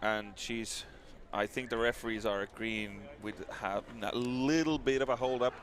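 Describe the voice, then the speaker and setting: A man's voice: mid-range voice, normal speed, slight background noise. A man giving live ice hockey color commentary from the gantry, bantering and laughing. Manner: lively, laughs a lot, banter.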